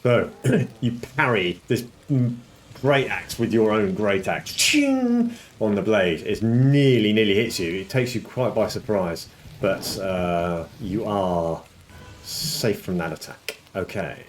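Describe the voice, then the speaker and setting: Male game master, low voice, relaxed and chuckling, light noise behind. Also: a little slow. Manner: relaxed, chuckling, clears throat often. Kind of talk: narrating a tabletop game over a call.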